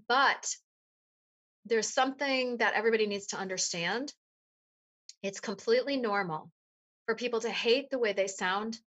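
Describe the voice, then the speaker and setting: Bright, animated woman voice coach. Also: mid-range voice. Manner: animated, explanatory, demonstrates vocal resonance. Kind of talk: interview conversation.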